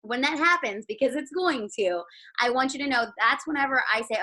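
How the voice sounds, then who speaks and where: A woman's voice: high voice, animated, fairly quick, bright, forceful tone, rough recording. A woman giving a chatty motivational pep talk over a video call, full of "like" and "guys". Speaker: team leader giving sales tips.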